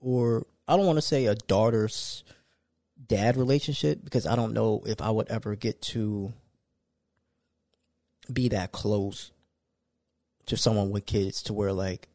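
Dude talking solo on his podcast, kinda low voice, chill but gets worked up. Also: a little slow, long pauses, dry recording. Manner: casual, conversational, animated when ranting. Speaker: podcast host.

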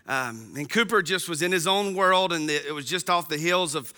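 A man's voice: fairly high pitch, moderate pace, pushed and bright, clear, resonant tone. A man in his thirties giving a casual, folksy sermon as a pastor to an online congregation, chatty with frequent ums.

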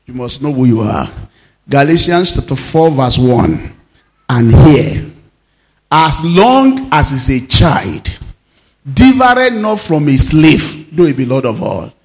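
A man, a pastor preaching a sermon with sudden shouts and low, emphatic drops.

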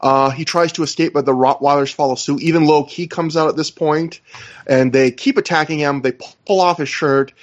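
A man hosting a podcast, recapping events in a relaxed, casual way with fillers. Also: on the high side, normal speed, dull audio. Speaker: podcast host. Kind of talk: casual chat recapping wrestling.

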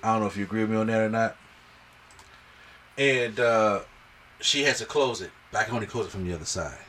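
A podcast host with a fairly low voice talks briskly, recorded from a distance, as he casually recaps a film. His retelling is animated, and he acts out the characters' lines in a relaxed movie review chat.

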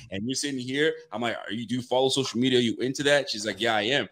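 A man's voice: medium pitch, racing, few pauses, fairly bright tone. A man co-hosting a sports podcast, chatting and telling stories in a laid-back way. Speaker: podcast co-host. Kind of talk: casual storytelling chat.

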